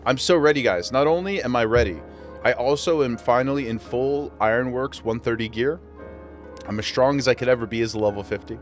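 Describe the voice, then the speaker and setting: A man's voice: mid-range voice, fairly quick, faint music behind. A man with a western New York accent, chatting casually and laughing often while streaming a game. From western New York region. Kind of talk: casual gameplay chat.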